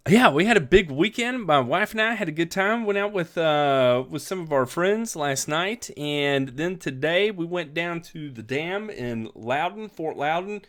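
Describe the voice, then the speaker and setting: Upbeat man hosting a lawn show. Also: fairly high pitch. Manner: upbeat, folksy, shouts out viewers by name. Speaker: host of a lawn care live show. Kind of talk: live-stream chat with viewers.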